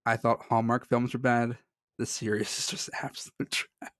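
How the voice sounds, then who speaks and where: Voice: medium pitch, level tone, normal speed, dry recording, studio quality. A podcast co-host in casual chat, rambling and cutting in on himself, laughing often.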